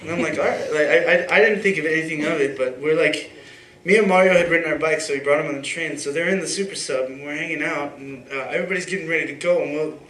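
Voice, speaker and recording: A man's voice: on the high side, fast talker, hardly any pauses, a bit bright. Young man telling a rambling story on stage. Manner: rambling, casual, many fillers and restarts. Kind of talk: live personal storytelling. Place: live event venue with audience. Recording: echoey room with faint ambience.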